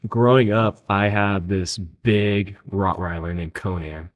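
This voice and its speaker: A man's voice: lowish voice, fairly even intonation, slow, phone-quality sound. A young man hosting a podcast, telling laid-back stories with a friend and saying "dude" a lot. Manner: laid-back storytelling, says "dude" often. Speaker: podcast host. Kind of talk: casual chat.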